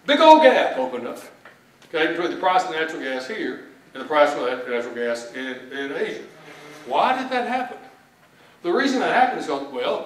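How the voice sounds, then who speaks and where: A man's voice: a little high, far from the mic, a little hiss or hum. Folksy Texan man in an echoey hall. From Texas. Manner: folksy, joking, plain-spoken. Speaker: economist speaker. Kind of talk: conference keynote talk. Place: large event hall.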